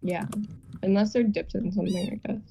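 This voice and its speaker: A woman's voice: mid-range voice, wildly swooping pitch, fairly quick, gravelly, dark tone. A woman streaming, chatting and teasing her friends in a chatty way while gaming. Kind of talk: casual gaming chat with friends. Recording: faint noise with keyboard clicks.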